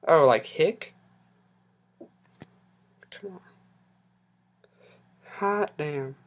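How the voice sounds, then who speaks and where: Slow-talking, flustered podcast host. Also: medium pitch. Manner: flustered, exasperated, swearing at tech trouble. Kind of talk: casual live-stream chatter.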